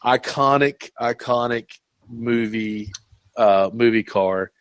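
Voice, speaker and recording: A man's voice: medium pitch, slow pace, clear, resonant tone, no echo. A man hosting a casual podcast chat, rambling and laughing often. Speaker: podcast host.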